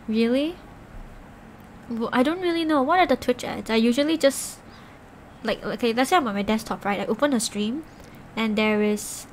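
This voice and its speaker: A woman's voice: on the high side, slight background noise. A woman streamer talking casually with her chat, rambling with lots of filler words and laughs.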